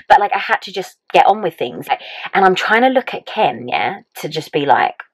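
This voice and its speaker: A young woman tells a personal story straight to camera, chatty and animated, peppering every sentence with "like" and acting out her own reactions. Her voice sits a little low for a woman. The sound is close and dry, with almost no room around it. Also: brisk, no room sound, poor audio. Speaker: vlogger.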